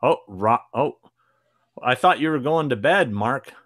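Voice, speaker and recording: A man's voice: mid-range voice, animated, unhurried, fairly bright tone, a little hiss or hum. A man co-hosting a live horror podcast in casual chat, playful and prone to restarts. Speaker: podcast co-host.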